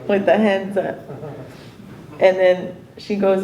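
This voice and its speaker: A woman's voice: medium pitch, big pitch swings, drawn-out words, pauses often, dark tone, roomy sound, poor audio. A mother at a memorial gathering, retelling a text exchange with nervous laughter. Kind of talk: informal memorial tribute.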